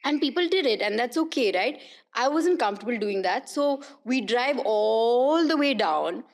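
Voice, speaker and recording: A woman talks through her memories on a podcast. She tells them in a lively, anecdotal way, laughing often, and her voice sits somewhat high. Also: normal speed, gravelly. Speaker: guest, actress and politician. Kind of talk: casual podcast conversation.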